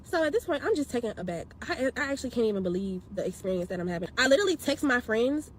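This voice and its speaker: A woman retelling a bad experience in an animated, slangy, exasperated storytime style, acting out what people said. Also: fairly high pitch, quick pace, a little hiss or hum. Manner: expressive, slangy, exasperated, acts out quotes. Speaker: storyteller vlogger.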